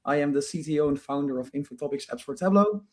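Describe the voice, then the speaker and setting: A man with a cold, a bit hoarse, answering as a guest on a video call and often restarting his sentences. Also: fairly high pitch, fast, a little mellow. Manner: restarts, repeats words. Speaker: guest, company founder. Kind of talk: casual interview talk.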